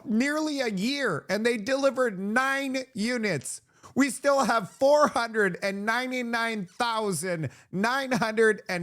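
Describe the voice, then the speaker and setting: A man hosting political commentary with a sarcastic, animated delivery. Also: sits high. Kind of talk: opinion commentary.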